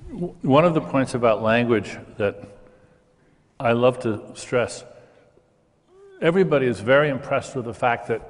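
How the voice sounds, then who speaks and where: A man's voice: mid-range voice, big-room sound. An older man in an interview, explaining ideas with enthusiasm and stammering at the start of sentences. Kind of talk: conversational interview.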